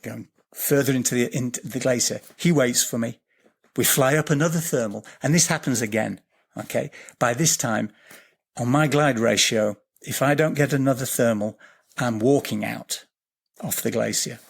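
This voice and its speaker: A man, a podcast guest telling a vivid, swearing story, repeating words and slowing down at tense moments. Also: medium pitch, vocal fry, breathy edge. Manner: slows down and lifts his voice at tense moments. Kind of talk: animated storytelling in a podcast interview.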